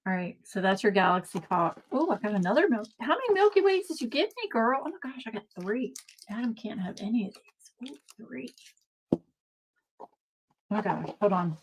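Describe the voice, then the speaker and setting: A woman gushes over a craft unboxing during a casual live stream at home. She talks at an unhurried, slow pace. She keeps calling out to her viewers as she goes. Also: medium pitch, slightly rough. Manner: gushing, excitable, talks to viewers as y'all. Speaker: craft channel host.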